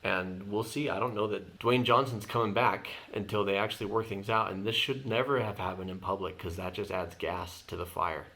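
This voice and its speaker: Earnest low-voiced male therapist. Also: steady tone, normal speed, hardly any pauses, bright, forceful tone. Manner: explanatory, earnest, lists steps. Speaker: therapist, channel host. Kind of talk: reaction video commentary, advice.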